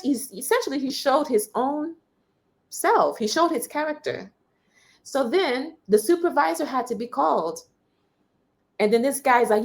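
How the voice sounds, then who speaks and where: A woman's voice: fairly high pitch, creaky. A young woman from the United States talks as an interview guest, a journalist recounting her own experiences. She is candid and conversational, and she brings the story alive by acting out what others said. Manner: animated storyteller, quotes others with raised voice.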